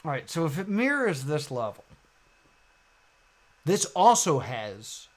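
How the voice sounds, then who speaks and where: Slow-talking man puzzling aloud. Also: fairly high pitch. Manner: slow, musing, bursts into excited outbursts. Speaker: streamer playing a puzzle game. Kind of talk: thinking out loud while gaming.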